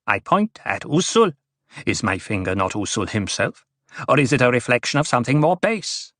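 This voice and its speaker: A man's voice: mid-range voice, sing-song, normal speed, fairly bright tone, no room sound, clean studio sound. Bijaz, a man doing a riddling dwarf jester. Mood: mocking. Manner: punning, singsong riddles.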